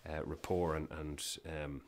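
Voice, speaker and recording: Deep-voiced man telling animated business stories. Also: measured pace. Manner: animated, emphatic anecdotes with many restarts. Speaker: business guest. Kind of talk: casual interview storytelling.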